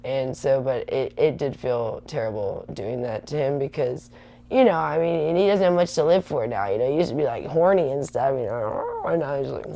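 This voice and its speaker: A woman's voice: extremely low pitch, vocal fry, dark tone. A woman in her thirties hosting a livestream, rambling chattily and answering viewer comments. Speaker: livestream host. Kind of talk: casual rambling livestream chat.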